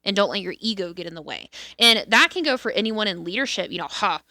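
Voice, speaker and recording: A woman's voice: medium pitch, lively intonation, fast talker, bright, forceful tone, no room sound, clean studio sound. A woman co-hosting a podcast in casual, candid chat, swearing freely and restarting her sentences often. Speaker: podcast co-host.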